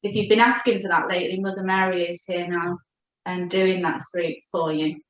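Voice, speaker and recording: A woman giving a gentle, reassuring spiritual chakra reading as a coach. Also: lowish voice, steady tone. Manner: gentle, reassuring, speaks slowly when addressing her guide. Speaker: oracle card reader and coach. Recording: echoey room.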